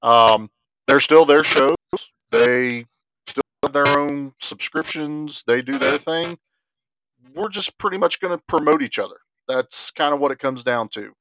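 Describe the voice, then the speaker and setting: A man's voice: a little high, a little slow, a bit bright, a little hiss or hum. A male podcast co-host chatting casually in a laid-back, teasing way. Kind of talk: casual chat.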